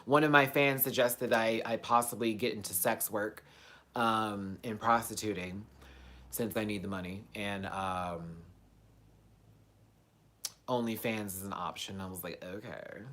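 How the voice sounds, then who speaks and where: A woman hosting a live stream in a casual, chatty way, answering her viewers and swinging between excited outbursts and low mutters. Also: measured pace, long pauses. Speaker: livestream host.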